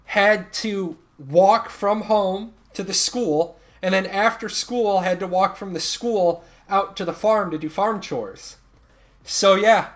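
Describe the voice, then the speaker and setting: A man from Ireland with a high voice talks casually to his stream audience. His stories ramble and he keeps restarting his sentences, with sudden bursts of emphasis. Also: a bit bright. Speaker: game streamer. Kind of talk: casual live-stream chat.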